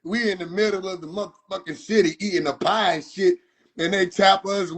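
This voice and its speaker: A man giving heated, profane, incredulous commentary, often breaking into shouts. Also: high voice, normal speed. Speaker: video commentator. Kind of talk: ranting commentary.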